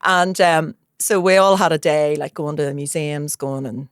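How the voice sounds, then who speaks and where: A Northern Irish woman in her thirties, hosting a podcast and telling comic stories in an animated way, acting out quoted voices. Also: low voice, normal speed, clear, resonant tone, dry recording, clean studio sound. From Northern Ireland. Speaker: podcast host. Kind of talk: casual comedic storytelling.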